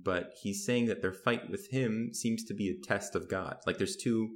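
Man, very low voice, co-host, hesitant, thinks out loud. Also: moderate pace. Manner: thoughtful, hesitant, repeats words while thinking. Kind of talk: podcast discussion.

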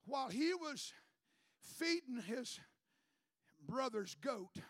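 A man preaching a sermon to his congregation, building to shouted climaxes and calling for a response. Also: extremely high pitch, very animated, slow, no echo, studio quality. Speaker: pastor.

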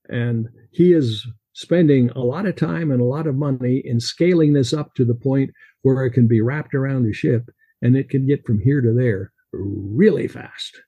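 Gravelly-voiced male author. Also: mid-range voice, warm tone, no echo. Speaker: author, interview guest. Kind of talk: reading his novel aloud, then chatting.

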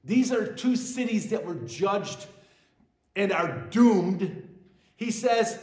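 A man delivers a sermon in a high, unhurried voice. He repeats phrases and punches them louder for emphasis. The sound carries the echo of a roomy space. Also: expressive. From western New York. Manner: emphatic preaching, repeats phrases, swells louder on key words. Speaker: pastor.

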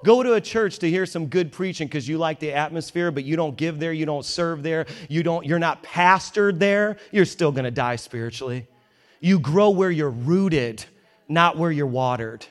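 Male pastor, emphatic sermon delivery, wry asides, a touch higher than typical. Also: normal speed. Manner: emphatic, conversational, joking asides. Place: church in New York.

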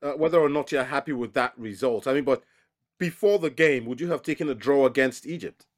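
A man's voice: medium pitch, a little fast. A man hosting a football podcast, often repeating words as he starts his questions. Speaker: host. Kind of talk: podcast sports discussion.

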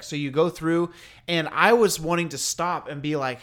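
A man with a slightly higher voice for his sex, chatting casually on a podcast. He tells a story in an animated, laid-back way, full of slang. He acts out other people's lines as he goes. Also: normal speed. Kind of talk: casual chat.

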